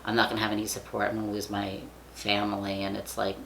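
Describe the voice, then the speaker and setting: Young man, casual vlog chat, gravelly fry, bright tone, rambling with fillers and swearing. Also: fairly low pitch, monotone, fast, a little hiss or hum. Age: young adult. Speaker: vlogger.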